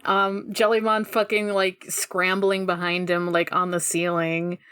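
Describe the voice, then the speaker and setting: A woman co-hosting a casual podcast chat, laughing often and retelling scenes with animated swearing. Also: on the low side, measured pace, clean tone, no echo, clean studio sound. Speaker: podcast co-host.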